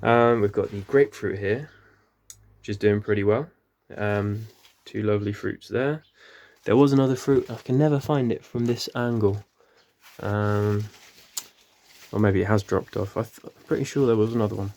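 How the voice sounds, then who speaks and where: A man's voice: fairly low pitch, fairly even intonation, normal speed, darkish tone. A man gives a rambling, casual tour of his small greenhouse, full of ums and self-corrections. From England. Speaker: gardening vlogger. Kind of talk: casual walk-through tour.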